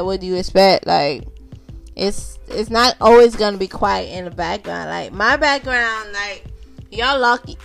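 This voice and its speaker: Chatty woman podcast host. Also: mid-range voice. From Haitian background. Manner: chatty, repeats herself, addresses listeners as y'all. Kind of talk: unscripted casual podcast talk.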